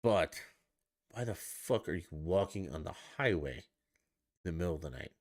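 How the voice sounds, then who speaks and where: A man's voice: sits low, expressive, normal speed. A man hosting a solo podcast, ranting about sports in an exasperated, profane way. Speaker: podcast host.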